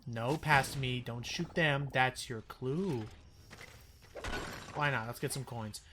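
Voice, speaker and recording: A man casually commentating a video game with friends, rambling with quick asides. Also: mid-range voice, pushed and bright, a little hiss or hum. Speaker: let's-play commentator.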